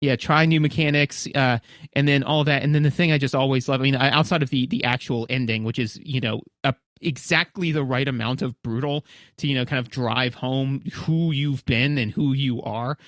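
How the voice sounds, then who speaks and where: A man in his thirties co-hosting a casual podcast, talking in an animated way and acting out his own reactions. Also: mid-range voice, normal speed, no room sound, studio quality. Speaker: podcast co-host. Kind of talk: casual chat.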